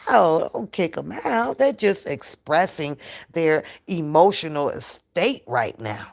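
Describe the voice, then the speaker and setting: A woman hosting her own channel in a casual, profane livestream rant, animated and laughing often. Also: deep voice, slow, vocal fry. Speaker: channel host.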